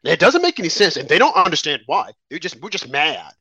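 A man's voice: fairly high pitch, wildly swooping pitch, quick pace, breathy edge, dry recording. A man giving heated, sarcastic political commentary as a guest, speaking indignantly to the host. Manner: indignant, sarcastic, rising to shouts.

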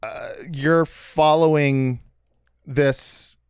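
A man's voice: fairly high pitch, steady tone, drawn-out words, clear, resonant tone, dry recording, clean studio sound. A man co-hosting a casual chat, rambling with many restarts and jokes. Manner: rambling, self-interrupting, jokey. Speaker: podcast co-host.

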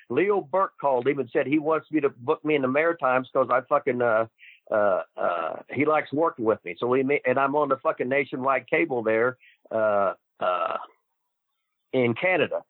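A man's voice: mid-range voice, no room sound. An older man, a guest wrestler, telling stories full of swearing and acting out what others said. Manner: swears constantly, acts out quoted dialogue. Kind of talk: profane storytelling. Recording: tinny phone line, dry.

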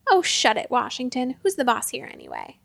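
A woman's voice: fairly high pitch, huge pitch swings, brisk, vocal fry, a bit bright, dry recording, exaggerated voice. A woman voicing a blustering, bossy old male hotel owner who growls his orders.

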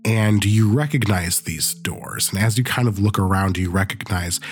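A man narrating a tabletop game as game master, relaxed and loose with many fillers. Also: low-pitched, moderate pace, husky, soft background music.

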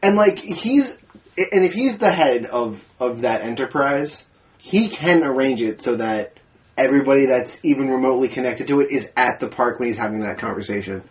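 A man co-hosting a casual movie podcast, blunt and profane, telling stories with animated energy. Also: mid-range voice, moderate pace. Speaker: podcast co-host. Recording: a bit distant from the mic, faint noise.

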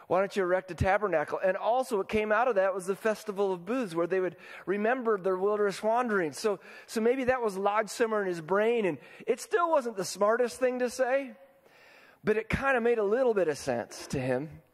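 In a large hall, a pastor preaches briskly and expressively in a high-pitched voice, keeping his sermon conversational and regularly asking the congregation questions.

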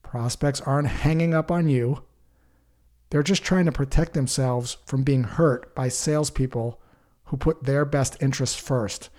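A man giving a calm sales-coaching talk, acting out short example phone calls. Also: mid-range voice, a little slow. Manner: calm, coaching, acts out example call lines. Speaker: sales trainer. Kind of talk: instructional talk with sample call scripts.

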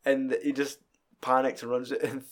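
Animated Scottish man, casual chat. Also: medium pitch. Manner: animated, swears freely, acts out scenes with quick voices and laughter.

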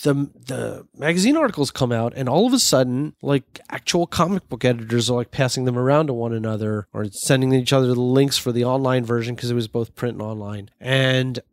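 A man's voice: medium pitch, a little fast, hardly any pauses, no room sound. A man, a writer being interviewed, telling stories in a rambling, chatty way and often correcting himself. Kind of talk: casual storytelling interview.

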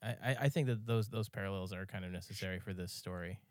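A man's voice: deep voice, quick pace, no echo, clean studio sound. A man co-hosting a film podcast, playful and emphatic, stammering a little when eager. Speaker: podcast co-host. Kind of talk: casual film discussion.

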